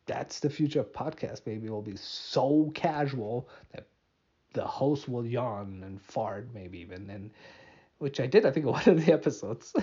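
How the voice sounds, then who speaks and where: A man's voice: mid-range voice, a little slow, dark tone, slightly rough, highs cut off. A tired man hosting a casual solo podcast, rambling and mocking himself with many restarts and fillers. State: tired, yawning. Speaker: podcast host.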